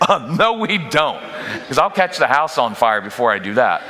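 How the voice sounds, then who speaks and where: A man speaks to a room of parents in a bright, forceful voice, joking his way through a workshop talk. He keeps switching into quick mock voices of nagging parents and sulky kids. His voice rings out with a long reverb in a large church hall. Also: medium pitch, very animated. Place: church auditorium.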